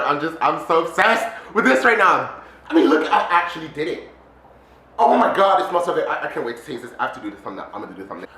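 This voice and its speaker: A man chatting excitedly in a casual DIY vlog, full of fillers and exclamations. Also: a little high, quick pace, echoey room. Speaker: DIY candy vlogger.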